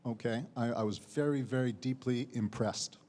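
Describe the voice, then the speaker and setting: A man's voice: mid-range voice, normal speed, dark tone. An American man, a university teacher, giving spoken feedback to student contestants. He keeps checking with "okay?" and repeats words as he goes. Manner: ends phrases with a checking "okay?", repeats words while speaking. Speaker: competition judge, university teacher. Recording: long hall reverb.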